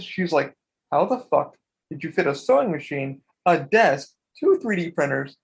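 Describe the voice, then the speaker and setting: A man's voice: fairly high pitch, animated, a little fast, gravelly, slightly rough. A man co-hosting a podcast, telling rambling stories in casual chat and swearing freely. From Florida. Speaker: podcast co-host.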